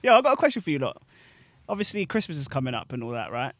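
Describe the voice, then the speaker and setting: A man hosting a casual podcast chat, telling stories in a slangy, animated way and laughing as he goes. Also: a little high, very fast, no echo, clean studio sound. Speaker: DJ and podcast host.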